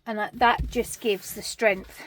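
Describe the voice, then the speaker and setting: Slow-talking woman teaching sewing. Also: mid-range voice, steady tone, a little hiss or hum. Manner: chatty, self-deprecating, thinks aloud with fillers. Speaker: sewing tutor. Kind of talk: casual sewing tutorial.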